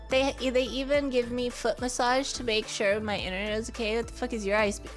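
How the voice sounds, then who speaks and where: Woman, high voice, livestream chat, laughs a lot, swears casually, faint music behind. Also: flat delivery, fairly quick. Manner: chatty, greets chat, laughs and swears freely. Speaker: VTuber streamer.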